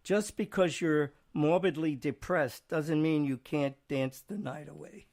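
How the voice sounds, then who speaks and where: A man's voice: a little high, unhurried, darkish tone. A man hosting a casual studio chat show, rambling and chuckling as he reads out jokes. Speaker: show host.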